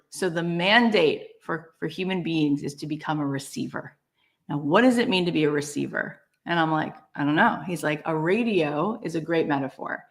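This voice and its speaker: A woman guest in a conversational interview, telling a personal story in an animated way with exclamations and casual fillers. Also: sits low, creaky. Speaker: podcast guest.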